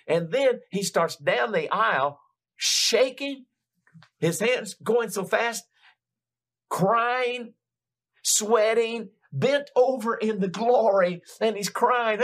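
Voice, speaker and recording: A male preacher telling a testimony in a sermon, with animated, emphatic storytelling and frequent restarts. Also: high-pitched.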